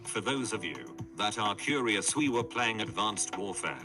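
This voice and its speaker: A synthetic male voice reads forum stories aloud, pitched a little low. The delivery stays flat and even throughout, with music playing clearly beneath him. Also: moderate pace. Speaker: narrator reading forum posts. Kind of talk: text-to-speech story reading. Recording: background music under voice.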